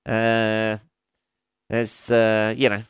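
A man hosting his own podcast, rambling on in a loose, sweary monologue full of chuckles and filler words. His voice is fairly low, smooth and resonant. The sound is close-miked and dry, with no room echo. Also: monotone, very slow. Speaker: podcast host. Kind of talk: casual monologue.

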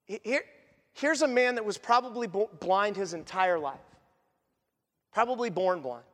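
High-voiced man preaching in a reverberant hall. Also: expressive, moderate pace, fairly bright tone. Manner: asks the congregation questions and acts out quotes. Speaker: pastor. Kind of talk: conversational sermon. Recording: long reverb of a large church hall.

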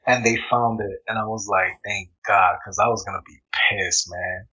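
A man in casual chat, telling a story in an animated way, swearing freely and acting out what people said. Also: on the low side, normal speed, few pauses, highs cut off.

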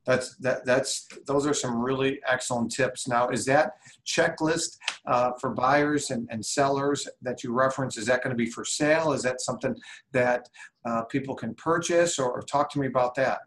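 A man hosting an interview and responding eagerly to his guest. His voice sits at a mid pitch. He speaks loosely, breaking off and restarting his sentences as he goes. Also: moderate pace, fairly bright tone. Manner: enthusiastic, many fillers and restarts. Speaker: host. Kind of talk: remote interview.

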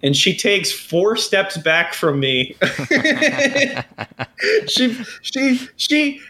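A man's voice: high voice, very animated, very slow, bright, forceful tone. Stammering man telling rambling stories. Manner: rambling, stammering storyteller who breaks into laughter. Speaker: podcast co-host. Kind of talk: casual chat.

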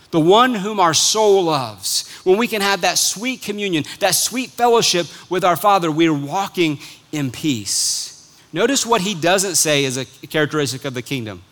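A man preaching a sermon, stretching key words slowly and dropping to a soft, low close at the end of phrases. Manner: emphatic, drawn-out phrases with sudden soft drops.

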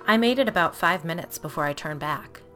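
A man's voice: a little high, expressive, a little fast, pushed and bright, soft background music. A woman voicing an easygoing homeowner who speaks casually and offhandedly.

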